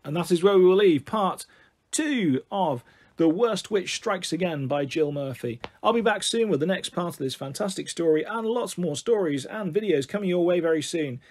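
A man reading a children's story aloud as a storyteller, in a calm, measured way. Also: sits high.

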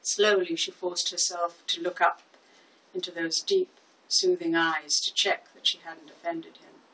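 A woman in her seventies reads a short story aloud in a measured, expressive manner. Her voice sits on the low side, and the microphone is a little distant. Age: 70s. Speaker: narrator. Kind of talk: audiobook reading.

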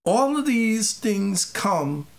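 A faith teacher preaches informally, mixing personal testimony with exhortation, repeating key phrases emphatically and sometimes stumbling over words. The voice is medium-pitched, very animated and very slow.

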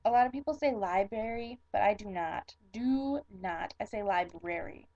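A woman's voice: fairly high pitch, animated, mellow, lo-fi sound, slight background noise. A young woman with a Michigan accent chatting casually in a vlog, saying words over and over and commenting on them. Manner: chatty, self-conscious, repeating words slowly. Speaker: vlogger. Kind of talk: casual accent tag video.

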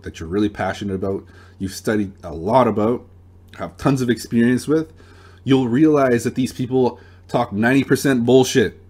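A young man with a somewhat low voice delivers a casual advice monologue. He talks in a relaxed, plain-spoken way, sometimes restarting a sentence mid-thought. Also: husky. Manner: relaxed, plain-spoken, uses gun comparisons, some restarts. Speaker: dating advice channel host.

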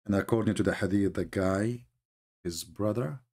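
A man hosting an online talk, speaking as an in a mocking, sarcastic way with lively storytelling. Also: fairly low pitch, normal speed, breathy edge. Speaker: online debate host. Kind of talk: casual live-stream commentary.

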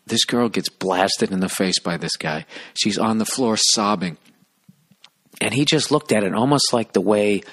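A man hosting a podcast, telling a story in a profane, animated, exasperated way. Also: fairly low pitch, slightly rough, no room sound, clean studio sound. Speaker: podcast host, comedian. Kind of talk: ranting comic storytelling.

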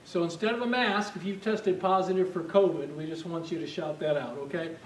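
A man preaching a sermon as pastor, talking in a conversational way and asking the congregation questions. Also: fairly quick. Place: church sanctuary. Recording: echoey hall, distant mic, faint rumble.

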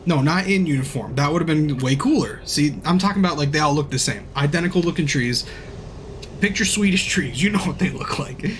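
A man streaming casually, rambling through a profane movie recap and acting out scenes in hushed asides. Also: on the high side, lively intonation, fairly quick, slight background noise.

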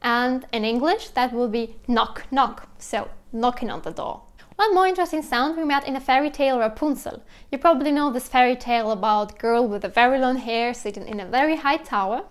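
A young woman with a Russian accent explains sounds in a casual vlog, lively and imitating animal noises as she goes. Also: fairly high pitch, fairly quick. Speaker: language teacher vlogger.

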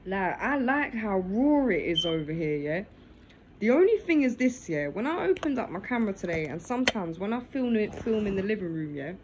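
A woman's voice: medium pitch, sing-song, moderate pace, noisy background. Chatty woman vlogging from her phone. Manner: tags nearly every phrase with "yeah?"; talks while eating dinner. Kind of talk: casual chat to camera. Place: living room at home. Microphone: phone on her lap.

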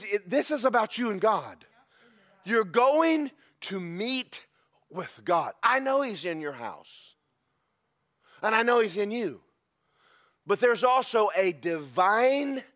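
Man, pastor, high voice, lively sermon, shouts of praise. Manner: animated, bursts into shouted praise.

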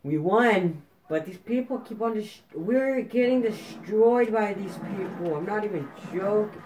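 Ranting frustrated man with raised pitch. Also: unhurried, darkish tone, slight background noise, poor audio. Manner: ranting, exasperated, repeats complaints. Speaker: gaming video host. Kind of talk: frustrated gameplay commentary.

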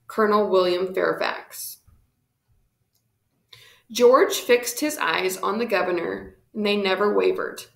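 A woman reading a historical storybook aloud in steady, measured narration. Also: medium pitch, vocal fry, roomy sound.

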